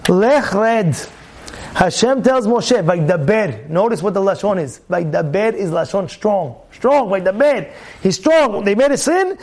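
A rabbi giving a sermon on the weekly Torah portion. He is emphatic, repeats phrases, asks rhetorical questions, and shifts between loud outbursts and low asides. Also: expressive, a little slow.

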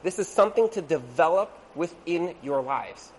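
A man giving a storytelling talk to an audience as a religious teacher, conversational and animated, acting out the people in his stories. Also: a little high, moderate pace, a little hiss or hum, low-quality recording. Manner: conversational, with frequent "like" and asides.

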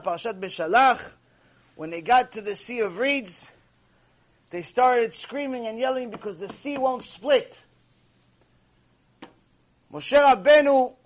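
A man teaching a Torah class as a rabbi, preaching emphatically to a live audience and repeating key phrases. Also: extremely high pitch. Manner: speaks straight to the audience with rhetorical questions. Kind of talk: sermon-style Torah lecture. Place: warm lecture room with a live audience.

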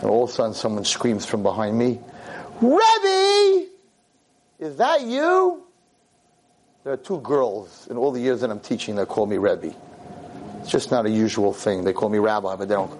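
A man, a rabbi and teacher, giving a convention talk and telling a story in an animated way, acting out the people he quotes. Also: on the low side, brisk, slight background noise. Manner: animated, acts out quoted voices.

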